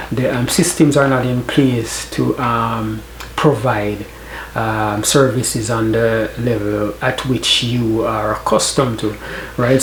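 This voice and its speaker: Jamaican man with a gravelly voice. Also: mid-range voice, a little mellow, roomy sound, a little hiss or hum, poor audio. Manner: conversational, frequent "right?" tags, laughs easily. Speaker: vlogger. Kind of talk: casual advice talk.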